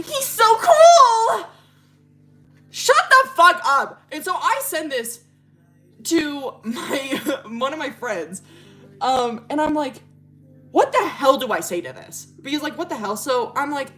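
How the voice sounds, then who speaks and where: A woman's voice: high voice, big pitch swings, moderate pace, soft background music. A young woman from Wyoming telling a dating story in a casual, profane storytime chat, with bursts of shrieking laughter. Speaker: streamer.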